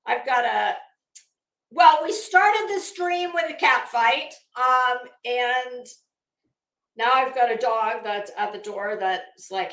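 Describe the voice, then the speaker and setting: A woman's voice: fairly high pitch, slow, fairly bright tone, roomy sound. A tired, worn-out woman hosting a livestream in casual chat, reading comments and rambling with trailing thoughts. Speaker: livestream host.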